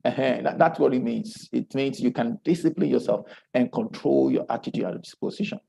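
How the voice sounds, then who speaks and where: A man with a Nigerian English accent teaching a course on marriage, animated and emphatic, often repeating his words. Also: mid-range voice, fairly quick, vocal fry, a little hiss or hum, low-quality recording.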